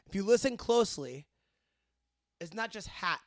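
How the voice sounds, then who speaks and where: A man's voice: high-pitched, expressive, a little slow, long pauses, dry recording, studio quality. A man with a Cleveland accent, co-hosting a casual podcast, swearing freely and teasing with mock outrage. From Cleveland, Ohio. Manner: profane, laughing, mock-outraged. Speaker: podcast co-host.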